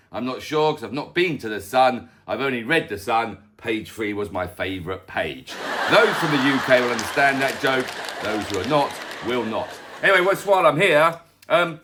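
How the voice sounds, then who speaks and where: A middle-aged man hosting a casual weather update from his bedroom, goofy and self-mocking, full of excitable jokes and asides. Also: medium pitch. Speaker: weather vlog host. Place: bedroom at home.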